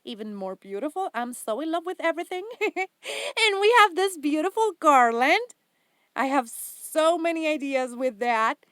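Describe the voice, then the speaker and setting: A woman's voice: high-pitched, animated, moderate pace, a bit bright, no room sound, clean studio sound. A woman hosting a craft haul vlog, gushing and giggling with enthusiasm over each item. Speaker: craft channel host.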